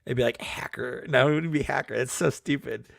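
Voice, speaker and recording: A man's voice: medium pitch, a little fast, gravelly, no room sound, clean studio sound. A man chatting as a guest, jokey and self-mocking, laughing often. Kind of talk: casual chat.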